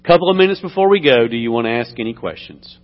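A man, a pastor praying and then telling a joke, an animated storyteller. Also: medium pitch, quick pace. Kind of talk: sermon with prayer and a joke. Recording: dull sound with long reverb in a hall.

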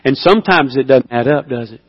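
A man preaching a sermon as pastor, telling stories with lively emphasis and dropping to a hushed voice. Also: medium pitch, a little fast, slightly rough, dull audio. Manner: animated storytelling, swings between loud emphasis and hushed intimacy. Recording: long hall reverb.

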